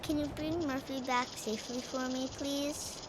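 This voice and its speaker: Woman doing a scared little kid asking for help, kinda high, soft and pleading, noisy game audio. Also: fairly even intonation, moderate pace, natural voice. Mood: worried.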